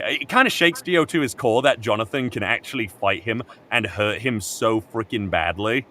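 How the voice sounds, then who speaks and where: A man excitedly retelling an anime plot in casual chat, swearing freely along the way. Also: mid-range voice, moderate pace, hardly any pauses. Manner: excited, profane storytelling. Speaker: co-host.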